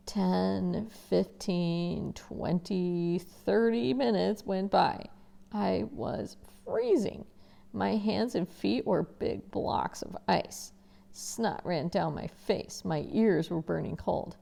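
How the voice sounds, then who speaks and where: A woman teacher reading a novel aloud in first person, expressive and conversational, with casual asides to listeners. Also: medium pitch, slow, creaky.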